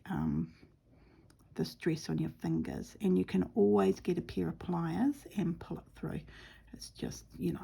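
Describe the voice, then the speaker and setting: A woman hosting a casual embroidery tutorial, talking softly to herself and often half-whispering as she works. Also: on the low side, creaky, slightly rough. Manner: soft, often half-whispered self-talk while stitching; chatty and rambling with fillers. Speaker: embroidery stitch-along host.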